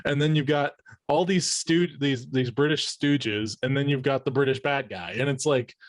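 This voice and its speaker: A man's voice: mid-range voice, moderate pace, no room sound. A man hosting a podcast in casual chat, rambling with frequent restarts and fillers. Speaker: podcast host.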